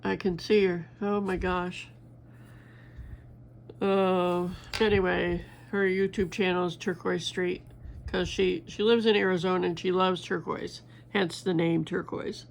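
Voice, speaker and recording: Older woman, gravelly voice, slow rambling craft chat, faint room hum. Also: on the low side, level tone. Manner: rambling, halting, many fillers and restarts. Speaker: crafting vlogger. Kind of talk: casual chat while beading.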